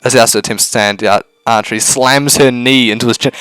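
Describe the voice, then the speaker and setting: Brief: male gaming host reading a story game, loud excitable reactions. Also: mid-range voice, fast, clean tone, dry recording, low-quality recording. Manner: excitable, swears, shouts in shock. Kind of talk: reading a visual novel aloud with reactions.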